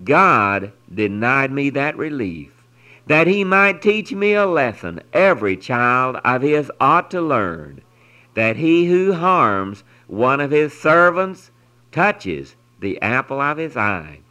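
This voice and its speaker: Brief: male devotional reader, lively pitch, slow earnest delivery. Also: rough recording. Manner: earnest, expressive storytelling with solemn pauses. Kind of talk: reading a devotional story aloud.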